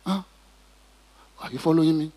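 A man's voice: a little high, normal speed, mellow, slightly rough. A man preaching a sermon in church, asking the congregation questions and drawing responses. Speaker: pastor. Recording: reverberant hall.

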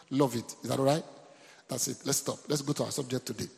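Gravelly Nigerian pastor preaching in a hall. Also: male voice, medium pitch, fairly even intonation, a little fast. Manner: preachy call-and-response, repeating lines to the congregation. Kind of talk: sermon. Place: church.

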